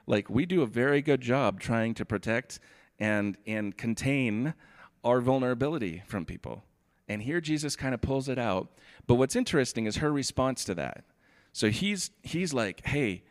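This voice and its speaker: A pastor giving a sermon. He reads scripture steadily, then explains it in a relaxed, chatty way, often saying "like". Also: mid-range voice, normal speed.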